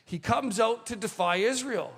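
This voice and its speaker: A man preaching a sermon, reading scripture and adding animated asides to the congregation. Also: high voice, long reverb tail. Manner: animated, slows for quoted lines, asides to the congregation. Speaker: pastor.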